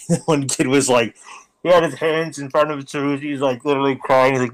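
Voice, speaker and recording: A man's voice: mid-range voice, steady tone, a little fast. A man who teaches, chatting as a podcast guest, telling stories animatedly with casual swearing and bad puns.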